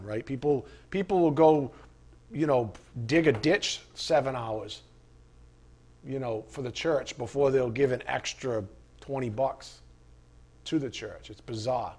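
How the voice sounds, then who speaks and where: A man preaching a sermon, conversational and animated, asking the listeners rhetorical questions. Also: mid-range voice. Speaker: pastor.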